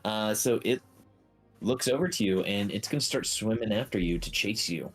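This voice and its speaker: Male game master, low and husky, animated narration over faint music. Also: moderate pace. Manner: playful, jokey narration.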